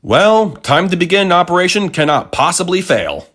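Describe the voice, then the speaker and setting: A man's voice: high voice, sing-song, moderate pace, background noise. A man commenting on a cartoon with wry, sarcastic asides. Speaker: cartoon reviewer.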